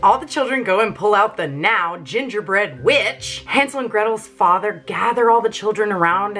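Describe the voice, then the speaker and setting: A woman casually and playfully retelling an opera's plot in a jokey, animated way. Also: medium pitch, normal speed, hardly any pauses, faint music behind. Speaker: opera presenter.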